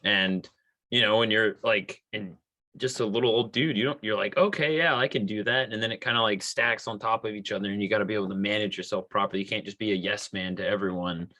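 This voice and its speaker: A man co-hosting a casual podcast, talking in a relaxed way with lots of fillers. His voice is fairly low and has a forceful, sharp edge. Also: fast talker. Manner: laid-back, filler-heavy storytelling. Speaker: podcast co-host. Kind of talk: casual chat.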